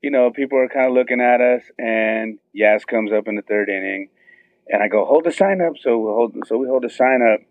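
A middle-aged man excitedly telling a long story and acting out what everyone said, heard over a phone line. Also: medium pitch, fairly quick, dry recording. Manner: excited, tells it with many quoted voices. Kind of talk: animated storytelling on a phone call. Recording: tinny phone line, dry.

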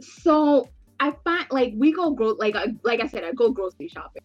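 A woman in her thirties with a fairly high voice tells a story in a casual chat. She is animated, swears freely and acts out every line of dialogue. The recording is a bit dull, with soft music underneath. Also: moderate pace, no echo. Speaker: podcast co-host.

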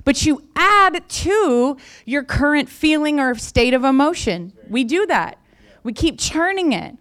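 A woman's voice: high-pitched, very animated, measured pace, fairly bright tone. A woman pastor giving a sermon in a conversational way, repeating key phrases for emphasis.

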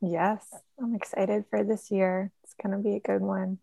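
A woman's voice: mid-range voice, normal speed, creaky, no echo, clean studio sound. A woman co-hosting a podcast, chatting casually and supportively. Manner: supportive, relaxed, conversational. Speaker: podcast co-host. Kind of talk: casual chat.

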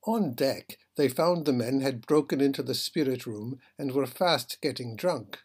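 Husky man reading and reflecting. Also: mid-range voice, a little slow, hardly any pauses. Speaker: literature lecturer. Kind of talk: reading a fable aloud and commenting.

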